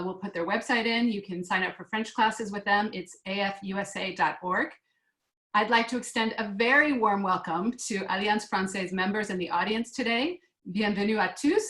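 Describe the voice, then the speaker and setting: A slightly high, somewhat bright female voice belongs to the American host of a class interview held online by video call. The room echoes. She chats warmly and leans heavily on fillers.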